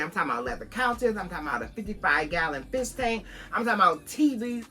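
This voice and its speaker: A woman's voice: medium pitch, sing-song, fast talker, pushed and bright. A woman from Buffalo, New York, vlogging a casual storytime to her viewers, talking conversationally and calling her listeners "girl".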